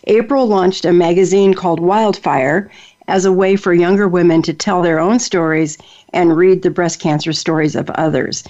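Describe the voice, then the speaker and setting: A woman's voice: lowish voice, steady tone, normal speed, darkish tone. Earnest woman host, lo-fi sound. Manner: earnest, personal, with fillers and restarts. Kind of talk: casual talk show hosting. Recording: dull lo-fi sound.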